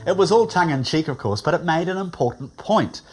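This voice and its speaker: A man's voice: fairly high pitch, animated, a little fast, faint music behind. A man with a New Zealand accent giving wry, scripted documentary narration.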